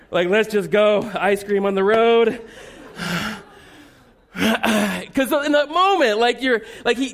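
A man's voice: very high-pitched, bright, forceful tone. A man preaching a sermon as a pastor, telling funny family stories in a conversational, self-deprecating way.

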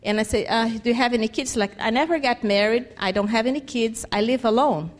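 A woman's voice: on the high side, fairly quick. A woman from Brazil, sharing a personal testimony about a mission trip and acting out the dialogue she recounts. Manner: animated storytelling, acts out quoted dialogue, non-native phrasing. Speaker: church mission trip member.

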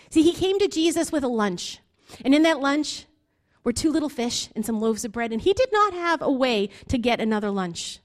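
A woman's voice: a little high, darkish tone. A woman in her forties preaching an earnest sermon, building to emphatic appeals. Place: church basement hall.

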